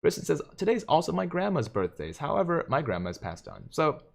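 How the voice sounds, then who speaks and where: A man's voice: a little high, very animated, a little fast, gravelly. A man hosting a live stream, casually reading viewer comments aloud and joking, with frequent chuckles. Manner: jokey, chuckles often between comments. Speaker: livestream host.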